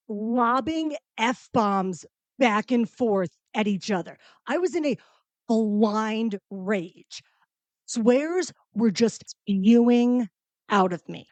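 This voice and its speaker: A woman hosting her own show, telling a comedic personal story in a profane, animated, emphatic way. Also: a little high, slow pace, dry recording. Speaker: podcast host.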